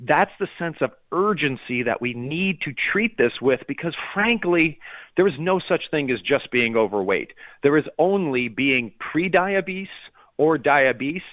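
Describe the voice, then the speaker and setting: A man's voice: mid-range voice, lively intonation, unhurried, dry recording, lo-fi sound. A man as a health expert guest, explaining research in an urgent, emphatic way. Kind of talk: explanatory interview talk.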